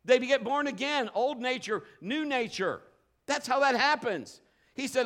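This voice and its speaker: A pastor delivers a sermon in a fairly high male voice. He moves from quiet, slow explanation to loud, emphatic preaching, acting out short quoted lines as he goes. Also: big pitch swings.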